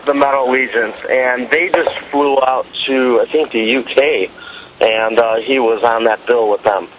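A man's voice: medium pitch, fairly even intonation, moderate pace, noisy background. A man, a band member guest on a radio show, chatting in a friendly, upbeat way. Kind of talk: casual interview chat.

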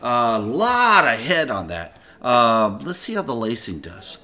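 Speaking slowly with a sing-song lilt, this podcast host has a medium-pitched voice that sounds pushed and bright. He tastes and rates a beer in a relaxed, foul-mouthed, rambling chat full of fillers.

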